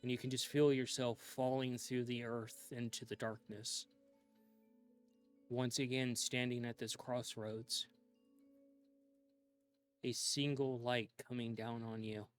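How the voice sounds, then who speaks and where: A man slowly narrating a dark scene as game master of a tabletop role-playing game, in a hushed, drawn-out storytelling manner. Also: medium pitch, level tone, soft background music.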